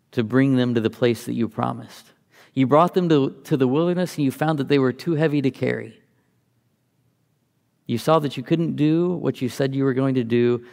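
A man's voice: medium pitch, gravelly, darkish tone, in a large hall. A man teaching from the Bible, reading passages aloud and explaining them in a conversational, think-aloud way.

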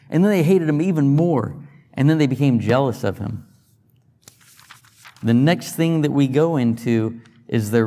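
A man's voice: medium pitch, warm tone, in a large hall. A man giving a sermon as a pastor, teaching conversationally with rhetorical questions and restarts. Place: church sanctuary.

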